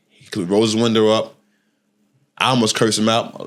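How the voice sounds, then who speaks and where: Slangy animated storytelling man. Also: lowish voice, normal speed. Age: middle-aged. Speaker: podcast host. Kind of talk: casual storytelling chat.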